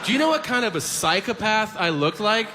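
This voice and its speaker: A man doing stand-up, telling a story and acting out the people in it with lively voices. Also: high-pitched, fairly quick. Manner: animated, acts out characters in quotes. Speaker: stand-up comedian. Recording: reverberant hall with audience noise. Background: audience laughter.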